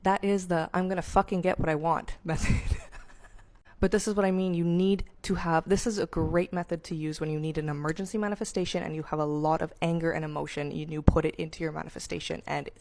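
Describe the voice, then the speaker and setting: Brief: low-pitched woman, fry in the voice, blunt swearing vlogger. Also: steady tone, fast talker, a little mellow. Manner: blunt, emphatic, heavy swearing. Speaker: manifestation content creator. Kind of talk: casual direct-to-camera monologue.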